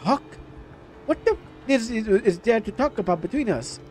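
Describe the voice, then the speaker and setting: A man voicing an angry young mother in a horror game, reading her lines sharp and defiant. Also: high voice, animated, normal speed, faint music behind, voice pushed up. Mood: hostile. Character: angry young woman, a fierce protective mother.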